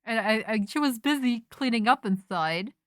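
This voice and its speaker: A young woman streaming on her own and chatting casually, sounding bright and a little tense in her voice. Her tone is crisp and clean, and she tells her story in a rambling, animated way, stopping and restarting as she goes. It is recorded dry and close on the mic, with no room sound. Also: fairly high pitch, normal speed, dry recording. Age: young adult. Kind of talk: casual chat.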